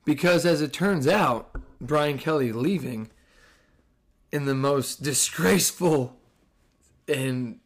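A young adult man from New Jersey with a New Jersey accent, hosting a casual solo podcast in a sarcastic, animated, swearing manner. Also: on the high side, slow, long pauses. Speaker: podcast host.

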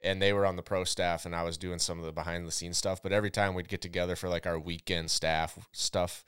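A man's voice: sits low, flat delivery, fast, fairly bright tone, smooth, no echo, clean studio sound. A man from Minnesota hosting a podcast, chatting casually and laughing easily with his guest. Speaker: podcast host. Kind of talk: casual interview chat.

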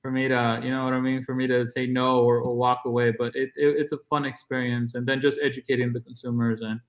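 Blunt, animated male storyteller. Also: medium pitch, quick pace. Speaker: podcast guest, real estate agent. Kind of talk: casual interview storytelling.

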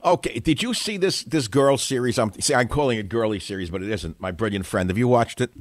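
A male talk radio host from New York with a very animated, swinging delivery. He sounds dry and close to the mic, and he jabs at his targets with mocking rhetorical questions. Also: medium pitch, a little fast, no room sound.

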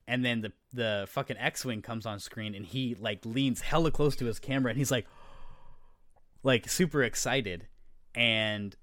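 A man co-hosting a podcast, telling stories in an excitable, rambling way and swearing casually. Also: medium pitch, measured pace, no echo, studio quality. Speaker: podcast co-host. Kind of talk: casual chat.

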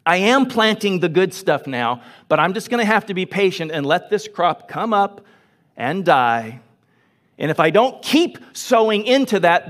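A man preaching a sermon as pastor, earnest and emphatic, repeating phrases for emphasis. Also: sits high. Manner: drops to a soft, hushed voice when telling a story. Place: church sanctuary.

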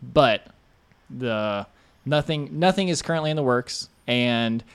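A relaxed man hosts a casual group podcast, passing along viewer questions in an easygoing way. His voice sits at an ordinary middle pitch. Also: a little slow, smooth. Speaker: podcast host.

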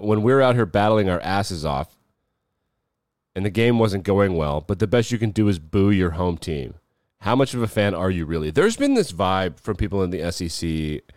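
Podcast host, male, deep voice, blunt and sarcastic sports chat. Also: a little mellow, clean tone, dry recording, studio quality. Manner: blunt and mocking. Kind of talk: casual sports commentary.

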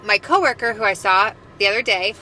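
A woman's voice: medium pitch, brisk, pushed and bright, slight background noise, poor audio. A woman co-hosting a casual podcast, telling a story in a chatty way and laughing often. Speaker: podcast co-host.

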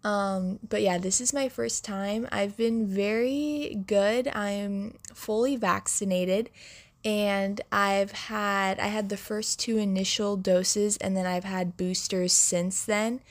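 Young woman with a sick voice, slow chat. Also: mid-range voice, fairly even intonation, no echo. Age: young adult. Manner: chatty, filler-heavy, slow. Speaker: podcast segment host. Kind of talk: casual monologue.

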